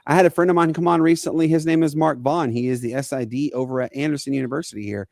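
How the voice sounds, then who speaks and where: A man, co-hosting a podcast and telling a personal story in an earnest, halting way. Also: fairly high pitch, fairly even intonation, vocal fry, a little mellow, no echo. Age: 40s. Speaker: podcast co-host.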